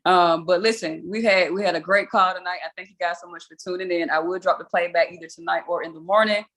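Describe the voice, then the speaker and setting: A woman's voice: on the low side, fairly even intonation, quick pace, a bit bright. A young adult woman hosting a weekly video call, telling a story casually, with a chatty, self-mocking manner and frequent laughs.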